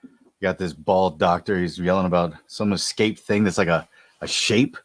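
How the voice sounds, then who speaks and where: A man's voice: low voice, normal speed, no echo, studio quality. A man co-hosting a podcast, chatting casually with rambling, profane jokes. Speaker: podcast co-host. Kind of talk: casual comedic chat.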